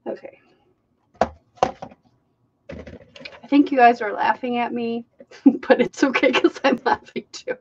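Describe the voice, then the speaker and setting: A woman's voice: fairly high pitch, steady tone, a little slow, long pauses, a little mellow, husky. A woman hosting a live painting stream, chatting casually to viewers, laughing often and poking fun at herself, recorded at home. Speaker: live-stream art host. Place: home art room with carpet. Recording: dull lo-fi stream audio.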